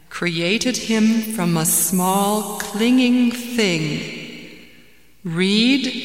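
A woman's voice: fairly low pitch, echoey room, in a large hall. A woman voicing a solemn, commanding angelic voice in a storybook reading.

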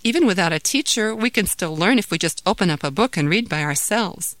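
A woman's voice: medium pitch, expressive, fairly quick, a bit bright, no room sound, clean studio sound, close to an everyday voice. A woman voicing an eager, curious young girl in a storybook reading.

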